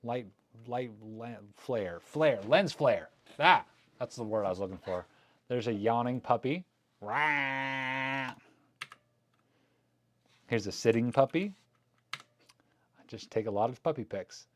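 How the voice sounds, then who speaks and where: A man's voice: mid-range voice, normal speed, pauses often. Chatty man commenting live on film scans. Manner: chatty, joking, thinking aloud. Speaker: photography vlogger. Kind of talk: casual live commentary while scanning film.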